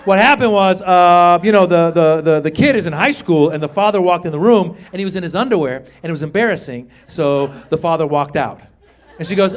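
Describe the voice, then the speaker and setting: Middle-aged male comic, high voice, animated storyteller, live show with faint crowd noise. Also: quick pace. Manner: animated storytelling, acting out dialogue. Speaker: stand-up comedian. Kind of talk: stand-up comedy. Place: comedy stage before a live audience.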